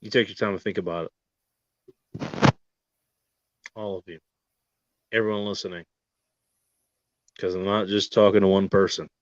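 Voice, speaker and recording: A man hosting a show in a profane mock-serious rant, firing rhetorical questions and dropping from loud outbursts to near-murmurs. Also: low-pitched, fairly even intonation, moderate pace, pauses often. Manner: heavy swearing, rhetorical questions. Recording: dull lo-fi dry recording.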